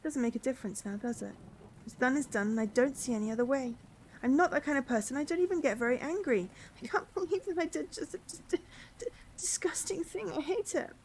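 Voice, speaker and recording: A woman reading game dialogue aloud, voicing a guilty, hopeless young man who speaks in a shaky, halting, pleading way. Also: sits high, a little mellow, slight background noise, pitched above the performer's own voice.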